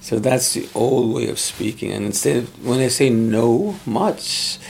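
Brief: middle-aged man, gravelly, unhurried, thoughtful interviewee. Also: medium pitch, fairly even intonation, a little mellow, a little hiss or hum. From Pimicikamak Cree Nation, Canada. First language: Cree. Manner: measured, thoughtful, pauses often to find words. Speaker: interviewee, former Cree teacher. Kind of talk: conversational interview.

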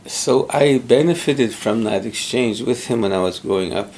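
Brief: middle-aged man, gravelly, unhurried, thoughtful interviewee. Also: mid-range voice, darkish tone, slight background noise. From Pimicikamak Cree Nation, Canada. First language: Cree. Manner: measured, thoughtful, pauses often to find words. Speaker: interviewee, former Cree teacher. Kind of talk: conversational interview.

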